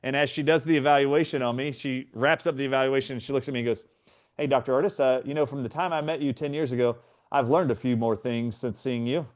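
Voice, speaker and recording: A middle-aged man with a mid-range voice speaks at a quick pace as a guest in a conversation. He earnestly retells a personal story with animation, acting out what other people said.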